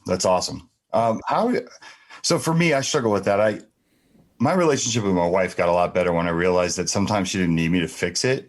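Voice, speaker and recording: Deep-voiced reflective man in his forties. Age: 40s. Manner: reflective, halting questions. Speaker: podcast host. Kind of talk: casual podcast conversation.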